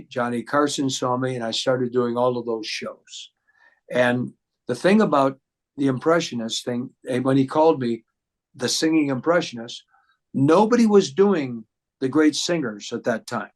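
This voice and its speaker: A man, a singer and impressionist, telling stories in a casual interview with many fillers and restarts. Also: a little high.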